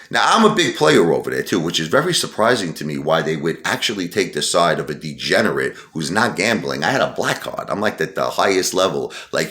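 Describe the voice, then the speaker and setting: In an echoey room, a channel host with an extremely low, slightly bright voice tells a long personal story in a casual monologue. He rambles and sounds defensive, often repeating himself.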